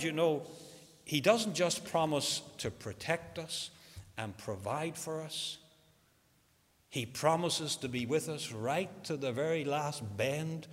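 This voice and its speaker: A man preaching a sermon, slow and emphatic, stressing key words. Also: on the high side, a bit bright. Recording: long hall reverb.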